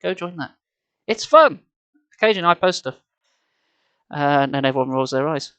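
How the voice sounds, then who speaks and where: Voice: mid-range voice, fast, a bit bright, smooth, no room sound, muffled recording. A streamer chatting casually and swearing freely with viewers between chapters of a live reading, on a headset. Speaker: streamer reading a book aloud.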